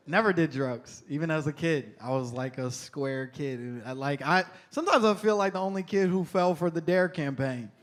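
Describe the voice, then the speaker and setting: A man performing a stand-up comedy set on stage, telling stories in an animated, conversational way. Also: fairly high pitch, normal speed.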